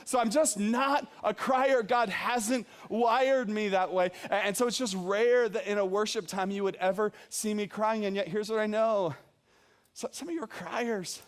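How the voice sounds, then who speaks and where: Young adult male pastor, higher-pitched voice, lively self-deprecating sermon storytelling. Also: moderate pace.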